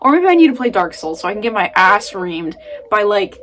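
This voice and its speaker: A woman vlogging an emotional casual rant from home, rambling and swinging between muttering and loud outbursts. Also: medium pitch, sing-song, a little fast, slight background noise.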